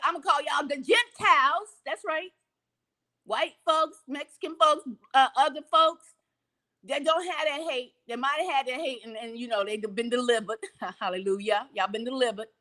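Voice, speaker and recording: Woman, high voice, bright tone, animated commentary, preachy, rhetorical questions. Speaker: commentator reacting to a press clip.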